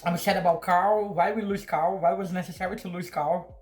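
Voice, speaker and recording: A man's voice: high voice, fairly even intonation, fairly quick, faint music behind. A man hosting a reaction video, emotional and exclamatory, repeating himself as he reacts. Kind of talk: casual reaction commentary.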